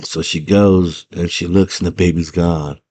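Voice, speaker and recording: A man in a casual, slangy movie recap, retelling scenes as an animated storyteller. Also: low voice, a little slow. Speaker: movie fan retelling a film.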